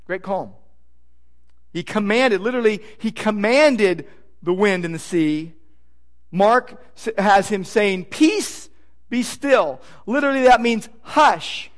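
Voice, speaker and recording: A man preaching a sermon as pastor, emphatic, repeating phrases and swinging from loud declarations to hushed asides. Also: sits high, expressive, slow.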